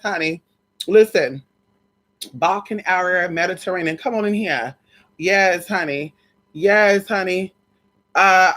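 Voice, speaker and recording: A woman's voice: fairly low pitch, a bit bright. A woman vlogger telling a story in casual chat, gossipy, calling listeners girl and honey, swearing and repeating phrases for emphasis.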